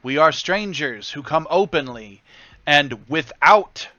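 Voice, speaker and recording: A man's voice: fairly high pitch, sharp tone, clean tone, no room sound, highs cut off. A man doing a solemn seance leader. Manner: slow, measured, ceremonial. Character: solemn woman mystic leading a seance.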